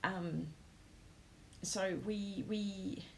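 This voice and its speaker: Woman, live-stream host, gravelly voice, emotional, lots of ums, casual chat to viewers. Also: medium pitch, steady tone, drawn-out words, a little hiss or hum, poor audio. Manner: emotional, many ums, talks to comments.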